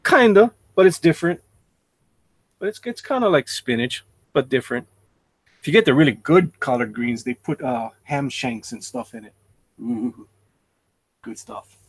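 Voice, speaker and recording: A man's voice: a little high, lively intonation, moderate pace, breathy edge, no echo. A middle-aged man chatting casually and rambling happily about home cooking. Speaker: live-stream artist. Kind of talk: casual chat.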